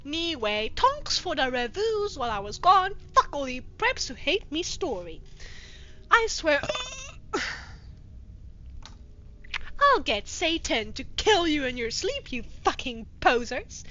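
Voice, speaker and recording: A woman's voice: sits high, sing-song, slow, pushed and bright, dull audio. A woman hosting a comedic reading of fanfiction with her own commentary, speaking in a profane, sarcastic and exasperated manner. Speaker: host reading fanfiction aloud.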